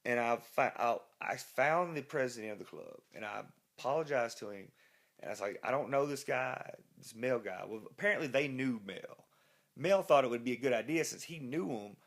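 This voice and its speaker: A man's voice: medium pitch, normal speed. A man, a rock musician being interviewed, telling a rambling, profane anecdote full of restarts. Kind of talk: casual storytelling interview.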